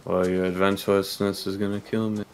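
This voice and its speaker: A young man playing a co-op game with his friend, joking in a relaxed way and fretting about dying. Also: sits low, brisk, slight background noise. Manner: laid-back, joking, nervous quips. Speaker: co-op guest player. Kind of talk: casual co-op gameplay chat. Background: game music.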